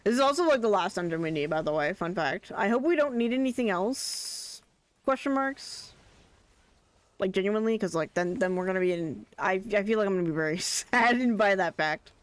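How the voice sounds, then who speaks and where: Excitable streamer chanting at the game. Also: medium pitch, a little fast, dry recording. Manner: excitable, chattering, chants a name over and over. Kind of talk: casual gameplay commentary.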